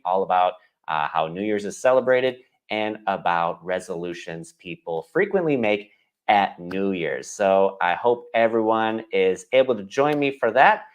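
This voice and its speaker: A man teaching a live-streamed English lesson, chatty and thinking aloud as he explains pronunciation. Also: lowish voice.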